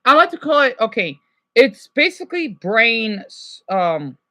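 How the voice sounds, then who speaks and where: Bright-voiced rambling American man. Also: very high-pitched, very animated, measured pace. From United States. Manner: rambling, many restarts and fillers. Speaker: streamer. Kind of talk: casual live chat with viewers.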